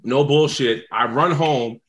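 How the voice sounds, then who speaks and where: Animated New man telling stories. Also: medium pitch, takes it slowly, a little hiss or hum. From South Bronx, New York. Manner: animated, laughing, says "man" often. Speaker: guest, former football player. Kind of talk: casual storytelling interview.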